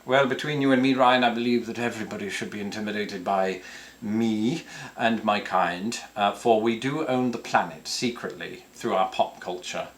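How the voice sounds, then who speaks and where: A man's voice: lowish voice, normal speed, fairly bright tone. A man in his thirties with a British accent, hosting a casual question-and-answer video and answering viewers with dry, self-mocking humour and puns. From England. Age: 30s. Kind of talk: casual chat to camera.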